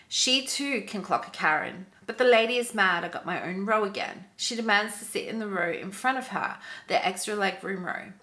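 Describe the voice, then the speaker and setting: A woman hosting a channel, reading an online story aloud with expressive, sympathetic commentary. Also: medium pitch, gravelly. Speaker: story narrator and channel host.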